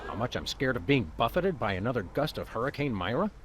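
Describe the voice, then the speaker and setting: An actor voicing a laid-back male dog detective who speaks calmly and matter-of-factly. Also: medium pitch, fast, very noisy, close to an everyday voice. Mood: dry.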